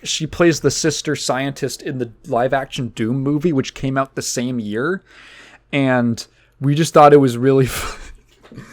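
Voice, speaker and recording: A man's voice: medium pitch, a little slow. A young man hosting a casual podcast, rambling loosely with lots of fillers and the odd curse. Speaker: podcast host. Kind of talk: casual chat.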